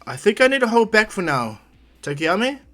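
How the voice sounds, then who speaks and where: A kind teenage boy hero, voiced by a man, speaks in a friendly, encouraging way, explaining things patiently to his friends. The voice stays close to the narrator's own casual tone, only a little higher. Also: very animated, a little fast, pushed and bright, soft background music, heavily acted.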